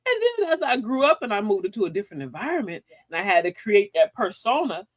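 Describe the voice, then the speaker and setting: A woman's voice: medium pitch, sing-song, fast, dry recording. A middle-aged woman hosting a casual livestream talk, folksy and sassy, preaching advice and laughing often. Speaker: livestream host.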